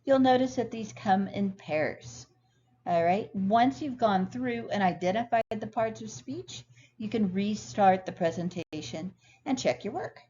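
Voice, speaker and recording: A woman instructor explaining grammar clearly and patiently in a recorded lecture over slides. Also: medium pitch, unhurried, dark tone. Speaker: ESL instructor. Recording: dull lo-fi sound, faint noise.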